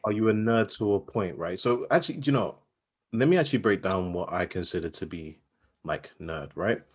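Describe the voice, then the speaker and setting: A man co-hosting a podcast in casual chat, animated and playful, given to comic exaggeration. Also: low voice, normal speed, slightly rough. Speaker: podcast co-host.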